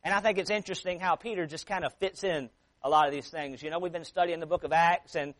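A man preaching a sermon, reading scripture aloud slowly and with emphasis, then explaining it in a plain conversational way with frequent restarts. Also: on the high side, fairly bright tone, low-quality recording. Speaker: pastor.

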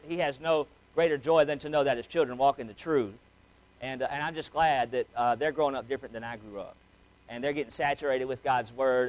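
A man in his thirties preaching a sermon as pastor, in a folksy, halting way with many fillers and restarts. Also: mid-range voice, poor audio.

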